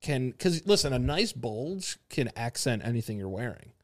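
A man's voice: medium pitch, sing-song, moderate pace. A man co-hosting a podcast, trading crude, joking banter in casual chat. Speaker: podcast co-host.

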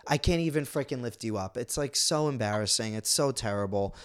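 A man's voice: medium pitch, lively intonation, brisk. A young man co-hosting a podcast, talking in a casual, emotional way with many restarts and self-blame. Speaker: podcast co-host. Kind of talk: casual chat.

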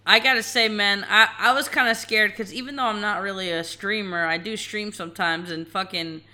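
Female podcast co-host, bright voice, casual and profane. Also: medium pitch, fairly even intonation, a little fast.

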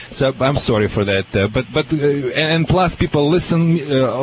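A man's voice: mid-range voice, dull audio, a little hiss or hum. A man with a Russian accent, a dog trainer giving blunt, boastful advice on a call-in radio show.

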